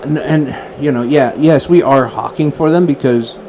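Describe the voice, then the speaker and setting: A man's voice: medium pitch, normal speed. Rambling male radio host, noisy background. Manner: rambling, laughing, excitable. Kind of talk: casual radio chat.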